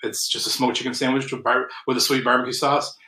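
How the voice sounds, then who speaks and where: A man's voice: mid-range voice, flat delivery, quick pace, pushed and bright, roomy sound, rough recording. A man co-hosting a casual local podcast, telling stories and laughing often. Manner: chatty storyteller, laughs often. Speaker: podcast co-host. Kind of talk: casual chat.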